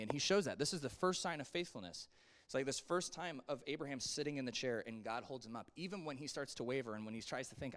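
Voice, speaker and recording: A man teaching a casual Sunday school Bible lesson, conversational and animated, swinging his voice up and down as he acts out quotes and drops asides to the class. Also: mid-range voice, fast talker.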